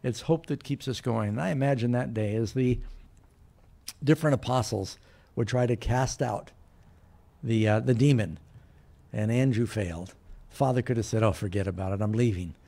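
A man's voice: mid-range voice, moderate pace, creaky, long pauses, dark tone. A middle-aged man preaching a sermon as a pastor, telling the story with animation and acting out the voices of the people in it.

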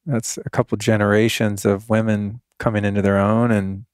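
Low-voiced, reflective male podcast host. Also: level tone, moderate pace, a little mellow, clean tone, dry recording, studio quality. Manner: reflective, thinks aloud with many "you know"s. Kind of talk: casual podcast interview.

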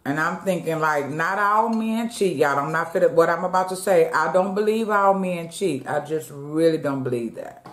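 A woman with a lowish voice chats with her viewers at a moderate pace, barely pausing, calling them "y'all" and eating between sentences. She's a mukbang vlogger making casual conversation over a meal in an echoey room at home.

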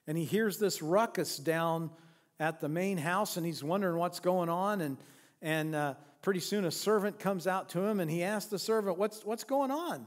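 A man's voice: sits high, normal speed. Preaching man in a reverberant church. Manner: storytelling, with rhetorical questions and frequent restarts. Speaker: pastor. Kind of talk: sermon. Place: church sanctuary.

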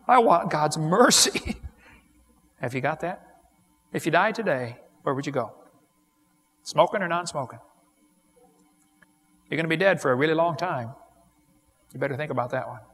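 Preacher guy, kinda high voice, folksy and jokey, laughs at his own lines. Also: moderate pace, long pauses, a bit bright. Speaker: evangelist preacher. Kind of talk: sermon with jokes and altar call.

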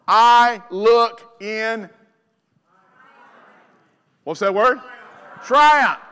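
A man preaching a sermon in a church, folksy and fiery, building up to shouts. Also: sits high, slow, pauses often. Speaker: pastor. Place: church sanctuary. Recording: long church hall reverb.

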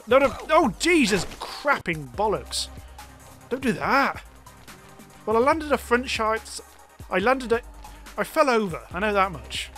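A man's voice: sits high, pushed and bright. A man commentating a game he is playing, swearing frantically and mocking himself. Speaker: gamer. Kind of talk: let's play commentary. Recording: faint music behind. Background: game music.

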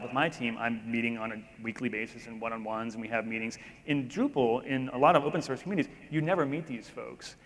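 Man, keynote speaker, casual and rambling, mid-pitched, long hall reverb. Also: a bit bright, a little hiss or hum. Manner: rambling, self-interrupting, conversational. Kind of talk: casual on-stage conversation. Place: large conference hall.

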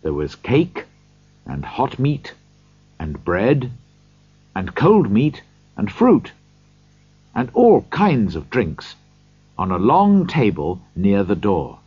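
A man narrating a classic story as an audiobook reader, slow and expressive, on a dull lo-fi recording. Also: fairly low pitch, breathy edge, no room sound.

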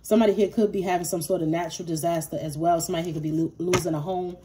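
A woman's voice: fairly low pitch, steady tone, racing, background noise. A woman giving a casual tarot reading, blunt and profane, talking straight to the viewer and repeating herself for emphasis. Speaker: tarot reader.

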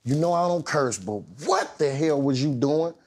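A stern college running back coach, as a man puts him on lectures insistently about doing things right. The voice sits a little higher than the performer's own, and it pushes its points hard. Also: lively intonation, normal speed, a little mellow. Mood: lecturing.

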